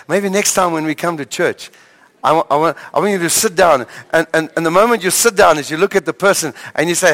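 A male pastor preaching a sermon, telling stories with dramatic pauses and stammered repeats. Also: on the high side, a bit bright. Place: church hall. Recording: long hall reverb.

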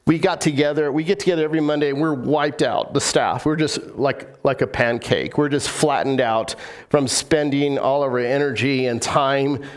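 A man's voice: mid-range voice, moderate pace. A man preaching a sermon as pastor, telling stories in a casual, joking way with many restarts.

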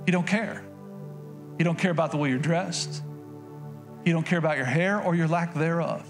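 A middle-aged man preaches in a loose, folksy way, circling back on his phrases and slipping into quoted voices. His voice sits a touch high for a man. Clear music plays behind him throughout the church recording. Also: moderate pace. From Oklahoma. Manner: folksy, conversational preaching with repetitions and acted-out quotes. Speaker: pastor. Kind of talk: sermon.

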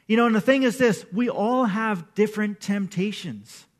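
Male pastor, sermon, high voice, conversational, acts out quotes. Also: normal speed.

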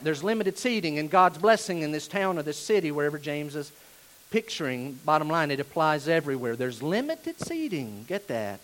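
A man preaching a sermon as pastor, animated and at times shouting. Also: on the high side.

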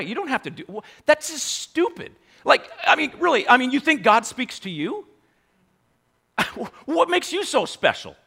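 High-voiced animated male preacher. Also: normal speed, creaky, husky. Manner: animated, mocking rhetorical questions, laughs often. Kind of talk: sermon.

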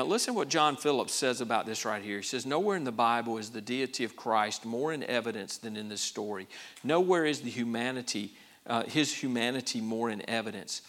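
A man's voice: mid-range voice, a bit bright. A man, preaching a sermon in a folksy, conversational way, often restarting his words. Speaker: pastor.

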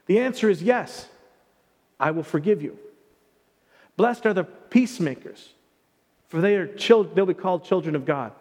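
Male pastor, high voice, conversational emphatic sermon, long church-hall reverb. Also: darkish tone. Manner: conversational, emphatic preaching with playful asides.

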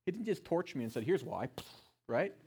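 A middle-aged man preaching a sermon, passionate, swinging between loud emphasis and hushed tones. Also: a little high, very animated, normal speed, slightly rough. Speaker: pastor.

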